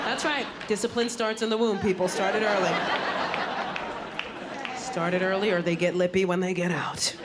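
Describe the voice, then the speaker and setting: Her pitch is fairly low, her speed normal, and she leaves long pauses. She's a Puerto Rican woman in her thirties doing an animated stand-up set at a comedy club, voicing quoted people in exaggerated tones, and the live recording is very noisy, with reverb and audience laughter.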